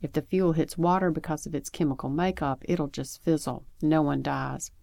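A woman with a notably low voice narrates a first-person story at a calm, measured pace. Her reading is steady, and the close recording is dry, with no room sound around her. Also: creaky, dry recording. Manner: calm, measured storytelling with lively acted dialogue. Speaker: audiobook narrator.

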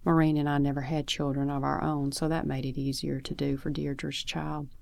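A woman author reading her own short story aloud in a steady, plainspoken first-person telling. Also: low-pitched, normal speed, gravelly, dry recording.

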